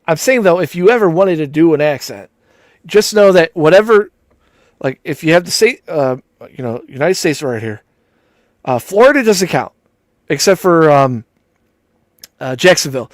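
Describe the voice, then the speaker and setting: A man's voice: fairly high pitch, animated, moderate pace, dry recording. A man co-hosting a live stream, rambling in casual, profane banter and laughing often. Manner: rambling, profane, laughs a lot, mimics accents. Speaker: co-host of a live show.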